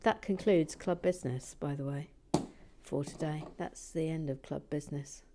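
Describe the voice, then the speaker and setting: A woman hosting a building video, chatting casually and self-mockingly, often dropping into a hushed whisper and stumbling over words. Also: deep voice, moderate pace, background noise. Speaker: host of a brick-building channel. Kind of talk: casual chat while building.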